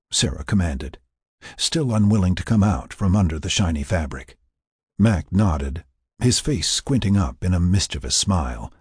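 A low-pitched man reads a story aloud with lively, swinging intonation. His tone is very husky and breathy, recorded close in a dry space. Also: moderate pace, no echo. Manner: expressive, storytelling. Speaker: narrator. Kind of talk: audiobook narration.

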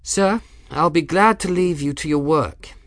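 A man voicing a weary, sharp-tongued young noblewoman in an audiobook, polite but exasperated. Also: fairly high pitch, a little slow, no echo, clean studio sound, voice pushed up.

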